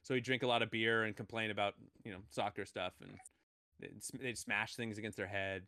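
A man's voice: on the low side, fairly even intonation, a little fast, bright, forceful tone, dry recording. A man hosting a casual chat, rambling and laughing, tossing in playful sound effects. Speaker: podcast host.

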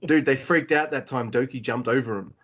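A man in the middle of his pitch range chats on a podcast, excitable and quick to swear. He laughs often. The audio is slightly dull and lo-fi. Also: breathy edge. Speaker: podcast co-host. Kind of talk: casual wrestling chat.

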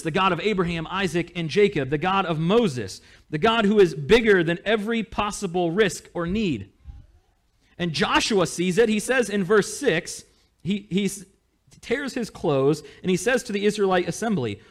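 A man preaching a sermon as pastor, in a conversational, animated way. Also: on the high side. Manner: conversational, animated, with small laughs.

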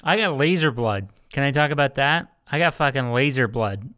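A man's voice: mid-range voice, lively intonation, moderate pace, sharp tone, smooth, no echo, studio quality. A young man hosting a casual podcast, teasing his co-hosts and swearing freely. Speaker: podcast host.

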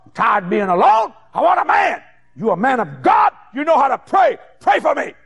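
A man voicing a feisty seventy-two-year-old widow, blunt and shouting in a raised voice. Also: big pitch swings, quick pace, dull audio. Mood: pleading. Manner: shouted high-pitched quotes.

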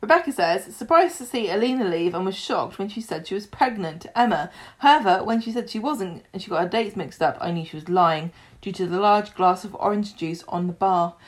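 A woman's voice: medium pitch, expressive, fairly quick, few pauses. A woman co-hosting a casual podcast, chatting and reading listener messages aloud. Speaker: podcast co-host.

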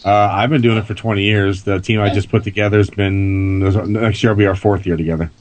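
Low-voiced guy on a radio show, plain unhurried talk. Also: fairly even intonation. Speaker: paranormal team leader. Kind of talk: casual radio chat.

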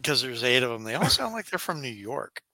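A man co-hosting a podcast, chatting casually and tossing in quick jokes. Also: mid-range voice, very animated, sharp tone. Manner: joking, quick quips and silly voices. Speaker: podcast co-host. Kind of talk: casual chat.

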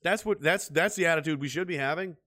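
Guy venting on his vlog, lots of swearing, repeats himself, kinda high voice. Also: quick pace, bright, forceful tone. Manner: profane, repetitive, bitter and heated. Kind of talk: ranting solo monologue.

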